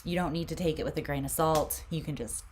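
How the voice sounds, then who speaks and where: A woman giving a casual, intuitive tarot reading in a soft, meandering, reflective way. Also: low voice, steady tone, fast talker, slight background noise. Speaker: tarot reader.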